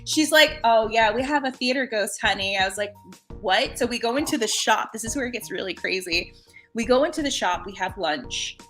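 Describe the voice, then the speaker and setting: Bright animated woman telling a story. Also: a little high, fairly quick, faint music behind. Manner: animated, laughing, acts out voices in her story. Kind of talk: casual storytelling.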